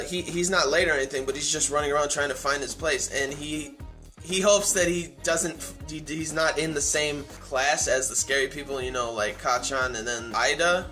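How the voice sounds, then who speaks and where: A man's voice: a little high, pushed and bright. A man giving a casual, enthusiastic recap of an anime episode, rambling with lots of fillers and restarts. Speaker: anime reviewer.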